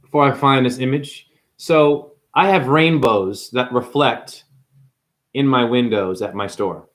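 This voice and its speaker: A man ranting to camera in an improvised, preachy monologue, swearing freely, firing off rhetorical questions and slowing down hard to hammer points home. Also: mid-range voice, a bit bright. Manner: profane, emphatic, rhetorical questions; slows down hard for emphasis. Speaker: spiritual vlogger and store owner.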